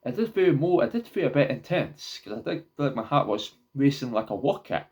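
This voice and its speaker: A man's voice: mid-range voice, big pitch swings, a little mellow. A young man talking casually to camera in his own vlog, rambling, often stopping and restarting his words. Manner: halting, repeats and restarts words. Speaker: vlogger.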